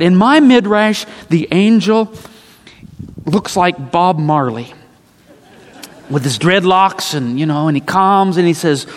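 With lively intonation, a male preacher unfolds his sermon as a dramatic tale, using repeated phrases for emphasis. His voice is fairly high and unhurried, and a vast hall's lingering reverb follows everything he says.

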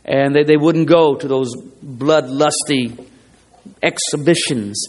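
A high-pitched male preacher delivers an emphatic sermon and doubles back on his phrases to drive each point home. His voice rings out through the long reverb of a church hall. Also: takes it slowly, darkish tone. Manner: emphatic, repeats phrases, rising and falling delivery.

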